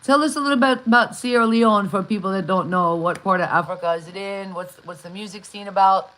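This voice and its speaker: A woman hosting a live online interview, talking in a chatty, enthusiastic way. She keeps the conversation going and often breaks off to give shout-outs. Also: mid-range voice, brisk, low-quality recording. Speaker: interview host.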